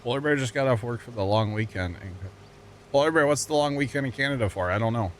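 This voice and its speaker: A man's voice: mid-range voice, fast, a little hiss or hum. A man from the United States live-streaming a farming game, chatting casually with his viewers in a rambling, jokey way and laughing often at his own puns. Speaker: livestreamer. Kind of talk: casual chat with viewers while gaming.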